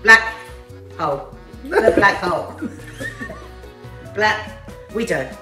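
A woman's voice: medium pitch, huge pitch swings, drawn-out words, sharp tone, recorded from a distance. A woman hosting a family video, guessing charades aloud and often laughing. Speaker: host playing charades. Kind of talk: casual family chat. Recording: echoey room, mic from afar, music behind.

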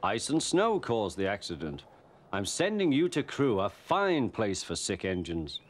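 A man voicing a stout, kindly older railway controller in a storybook cartoon, soft and reassuring. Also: fairly low pitch, wildly swooping pitch, measured pace, soft background music, exaggerated voice. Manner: soothing, reassuring.

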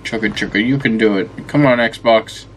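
A man's voice: on the low side, moderate pace, a little hiss or hum. A man giving casual let's-play commentary, rambling and swearing often as he talks to the game, tired and yawning. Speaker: gameplay commentator.

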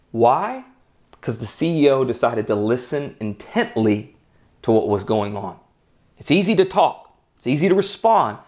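A man hosting a podcast who gives an earnest, emphatic motivational talk and tells anecdotes. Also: mid-range voice. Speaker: podcast host.

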